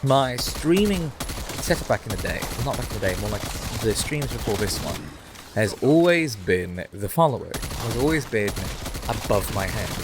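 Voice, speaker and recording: A man streaming a game, chatting in a rambling, animated way into a condenser mic close below his chin. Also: on the low side, noisy background. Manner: rambling, animated, drifts off topic. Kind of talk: casual gameplay stream chat.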